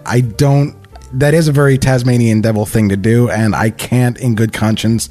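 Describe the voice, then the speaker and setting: A man's voice: medium pitch, steady tone, moderate pace, mellow, faint music behind. A man co-hosting a podcast, cracking jokes and swearing casually between script lines. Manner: profane, wisecracking. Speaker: podcast co-host. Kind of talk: casual banter.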